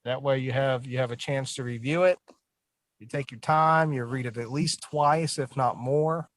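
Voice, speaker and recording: A man on a program panel giving plain-spoken, relaxed advice about bidding jobs. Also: medium pitch, moderate pace, no room sound, rough recording. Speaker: estimator coach. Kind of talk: online panel discussion.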